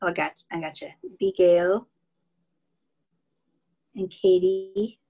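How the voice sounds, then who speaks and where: A woman's voice: lowish voice, fairly even intonation, slow, dark tone, husky, rough recording. A woman moderating an online workshop, reading out volunteers' names from the chat and counting them off.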